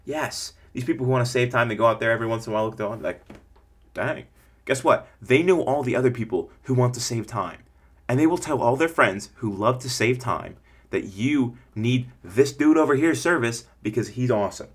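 A man hosting a podcast, giving casual business coaching in an energetic, rambling way and acting out what customers would say. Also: on the low side, fast, breathy edge. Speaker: podcast host.

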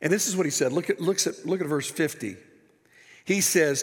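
A male pastor preaching a sermon with animated delivery, his voice rising and falling, with wry asides to the congregation. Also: high voice, fast talker, big-room sound. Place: church sanctuary.

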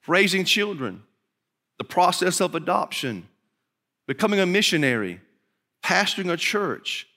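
A male pastor preaches with emphatic urgency, his voice sitting high and bright. He drops low and quiet, then climbs back up. The sound carries a long reverb from a large hall. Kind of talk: sermon.

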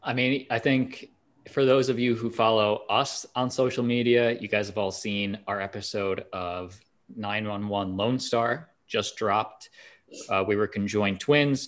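A man's voice: medium pitch, a bit bright. A man, an actor, co-hosting a casual podcast and steering the talk. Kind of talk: casual chat.

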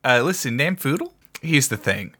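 A man's voice: medium pitch, normal speed, slightly rough. A man playing in a tabletop game, joking, laughing and swearing freely. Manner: profane, laughing, animated. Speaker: player. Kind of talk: casual tabletop play.

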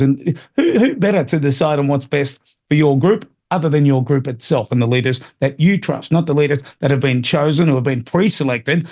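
A man's voice: mid-range voice, darkish tone. A middle-aged Australian man hosting a talk radio show, delivering an opinionated, rambling monologue full of fillers and restarts.

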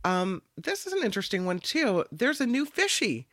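A man with a notably high voice co-hosts a casual news chat, reading stories out with playful asides. The sound is dry and close, with no room around it. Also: big pitch swings, moderate pace, a bit bright, dry recording. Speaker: co-host.

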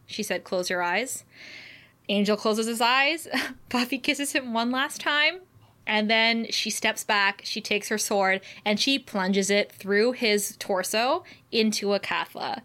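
A woman co-hosting a podcast, retelling a TV episode in an animated way and laughing often. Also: medium pitch. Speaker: podcast co-host. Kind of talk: casual recap chat.

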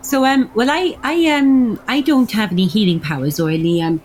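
A woman's voice: on the high side, moderate pace, a little mellow, a little hiss or hum, poor audio. A woman playing her character in a tabletop game, talking politely and hesitantly with frequent restarts. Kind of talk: in-character tabletop role-play.

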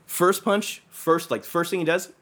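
A man's voice: high voice, steady tone, a little slow, crowd noise. A young adult man telling a long personal story in casual chat, rambling with lots of fillers and swearing.

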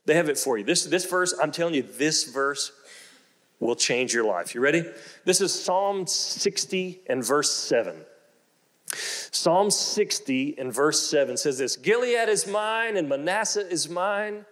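A middle-aged man preaching a sermon, who moves from slow, low storytelling to loud, excited exclamations and repeats his phrases for emphasis. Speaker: pastor.

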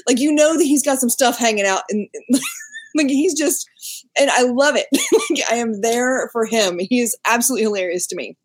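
A woman with a somewhat high voice who talks with enthusiasm and breaks into laughter. She speaks casually as a podcast guest. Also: animated, normal speed, a little hiss or hum.

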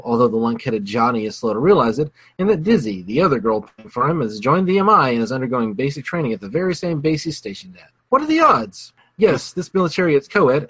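Fast-talking husky man recapping a film. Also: mid-range voice, fairly bright tone, dry recording. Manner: wry, sarcastic summarizing. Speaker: podcast co-host. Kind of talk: casual film review chat.

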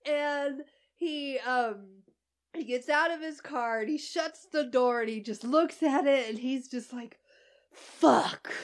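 A woman's voice: a little high, darkish tone. A woman telling a story in casual chat, swearing freely and laughing as she goes.

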